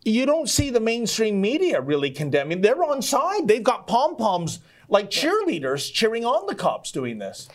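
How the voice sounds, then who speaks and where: A man's voice: sits high, huge pitch swings, normal speed, hardly any pauses. A man hosting a live stream, reading viewer chats aloud with wry jokes and theatrical emphasis. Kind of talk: casual live-stream talk.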